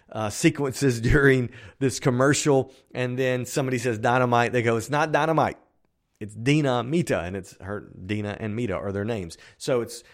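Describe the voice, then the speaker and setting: Chatty upbeat male podcast host. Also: mid-range voice. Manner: upbeat, chatty, self-described optimist; rambling with frequent restarts and fillers. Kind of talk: casual solo podcast talk.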